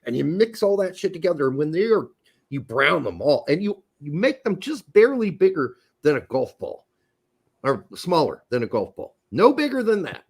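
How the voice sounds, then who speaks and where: A man's voice: a little high, sing-song, normal speed, husky. A man co-hosting a casual podcast, joking and swearing while drinking beer and talking cooking. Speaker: podcast co-host.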